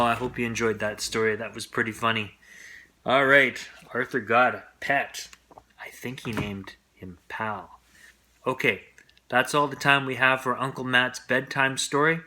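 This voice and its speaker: A man reads a bedtime picture book aloud with a gentle, friendly manner. His voice has a bright, forward edge. He sits at an ordinary middle pitch. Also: a little slow. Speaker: storyteller. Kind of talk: bedtime story read-aloud.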